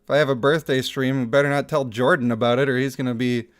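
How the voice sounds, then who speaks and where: A man's voice: medium pitch, flat delivery, fast. Chatty streamer man in his thirties. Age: 30s. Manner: chatty, laughs often. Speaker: streamer reading chat. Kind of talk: casual livestream chat.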